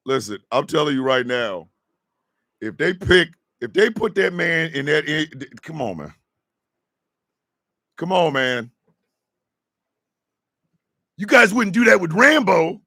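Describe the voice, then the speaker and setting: A man hosting a morning radio show, riffing in a loud, slangy comedic way with frequent laughter and shouted outbursts. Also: fairly high pitch, no echo, studio quality. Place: radio studio.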